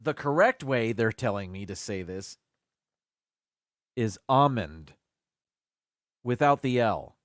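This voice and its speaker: A man's voice: on the low side, animated, a little slow, long pauses, no echo, studio quality. A man hosting a casual live stream by himself, chatting as he thinks aloud. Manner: chatty, muses aloud about word pronunciations.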